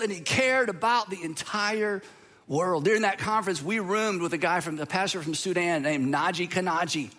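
A middle-aged pastor from Georgia, preaching in a conversational, storytelling way. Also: male voice, high voice, moderate pace, bright, forceful tone. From Georgia, USA. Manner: conversational storytelling, with repeats and restarts. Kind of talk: sermon.

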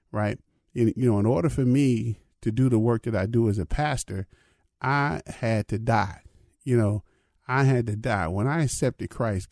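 Older male pastor, mellow dark tone, dry close sound, casual talk that keeps checking in with the listener. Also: mid-range voice, no echo. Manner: conversational, repeats "you know what I mean". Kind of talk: informal spiritual reflection.

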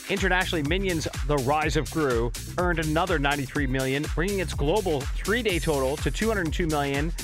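Guy hosting morning radio, kinda high voice, jokey and chatty, music playing under him. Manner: chatty, jokey, laughs often. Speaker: radio morning show host. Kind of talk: casual radio chat.

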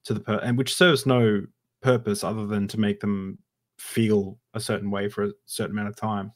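A man's voice: fairly low pitch, flat delivery, normal speed. A man hosting a podcast, asking questions in a thoughtful, hesitant way with frequent restarts. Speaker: podcast host. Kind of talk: casual interview talk.

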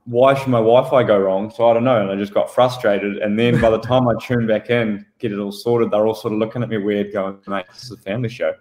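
Hesitant low-voiced man, echoey. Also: steady tone, fairly quick, hardly any pauses, a little mellow. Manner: hesitant, apologetic, lots of ums. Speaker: podcast co-host. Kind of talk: casual banter. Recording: echoey room.

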